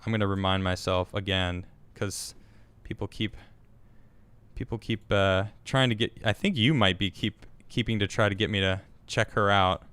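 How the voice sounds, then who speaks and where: A man hosting a casual live talk show, reading out viewer comments and chatting in a halting way, full of restarts. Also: lowish voice, fairly even intonation, fairly bright tone, smooth. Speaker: host.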